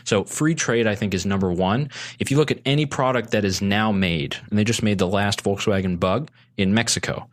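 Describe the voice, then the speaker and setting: Male guest, lowish voice, earnest persuasive talker, casual podcast chat. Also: brisk, few pauses. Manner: earnest, persuasive, lots of restarts. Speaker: guest, consumer advocate.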